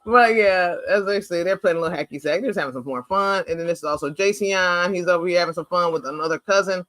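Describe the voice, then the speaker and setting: A man hosting a casual chat over family photos, animated and playful, rambling with lots of "like". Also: high voice, fairly quick, dry recording. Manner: rambling, chatty, heavy use of "like". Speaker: host.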